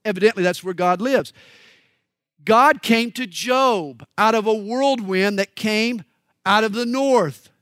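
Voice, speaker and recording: A high-pitched man from the American South preaches with folksy emphasis. He booms through scripture readings, then drops to quiet asides. The sound is dry and close. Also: slow pace, no room sound. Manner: folksy, emphatic, swings between loud declaiming and quiet asides. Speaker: pastor. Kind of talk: sermon.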